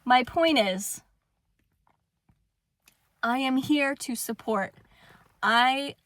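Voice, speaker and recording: A young woman in a heated spiritual monologue, cursing fiercely and then falling quiet and steady. Her voice sits high and bright with a tense edge. She talks slowly, in a dry, close recording with no room around her. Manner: fierce, swearing, swings between shouting and hushed calm. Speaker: spiritual vlogger. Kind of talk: impassioned personal monologue.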